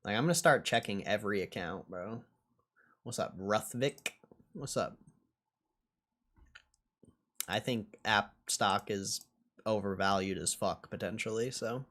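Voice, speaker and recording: A man's voice: lowish voice, unhurried, pauses often, fairly bright tone. A young man hosting a casual stock livestream and answering chat in a sarcastic, laid-back way, swearing and laughing often.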